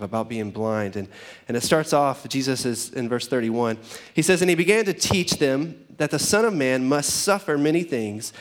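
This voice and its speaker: A man preaching a sermon in a relaxed, conversational way, often acting out characters in everyday voices. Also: mid-range voice. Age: adult parent. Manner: conversational, acts out biblical characters in casual voices. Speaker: pastor.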